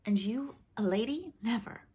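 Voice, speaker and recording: A brave young boy hero from a storybook, earnest and pleading, pitched a little high, as a woman reading aloud puts him on. His voice is soft and pleading. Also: animated, normal speed, a little hiss or hum, natural voice.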